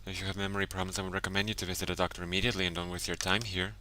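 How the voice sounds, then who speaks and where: A man's voice: sits low, level tone, rapid-fire, bright, forceful tone, slight background noise, low-quality recording. Curt stern nun, read out by a man. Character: stern elderly nun running a nursing home.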